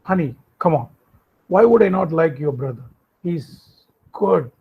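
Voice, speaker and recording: A henpecked king, as a man puts him on, soothing his wife with easy promises. The voice is husky and fairly high. The audio sounds dull and lo-fi. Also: animated, measured pace, exaggerated voice. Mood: placating. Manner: placating, reassuring. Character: king, indulgent henpecked husband.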